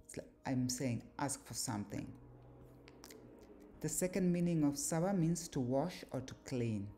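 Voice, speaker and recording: A woman giving a slow, deliberate explanatory lecture on word meanings, pausing often with fillers. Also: a bass voice, animated, mellow, slight background noise. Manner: measured, deliberate, with pauses and fillers. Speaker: language teacher.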